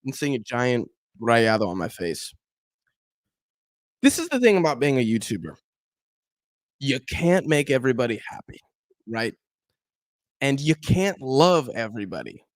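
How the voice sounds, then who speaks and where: A young man hosts a football watch-along stream, chatting casually with viewers and providing match commentary in a medium-pitched, unhurried voice that pauses often. He's animated, talks straight to chat, and acts out the complaints fans make about him. The recording is dry.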